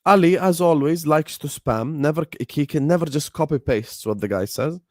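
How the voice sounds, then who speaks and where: A young man hosting a football fan live stream, talking casually, animated and repetitive as he rants at his chat. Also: a little high, normal speed, dry recording, studio quality. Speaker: football fan show host.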